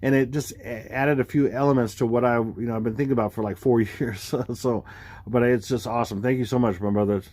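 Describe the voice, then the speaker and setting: Guy rambling over his screen share, keeps saying boom, super dry close sound. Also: brisk, no echo. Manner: rambling, excitable, lots of fillers and "boom". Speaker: video creator explaining number theories. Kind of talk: casual screen-share commentary.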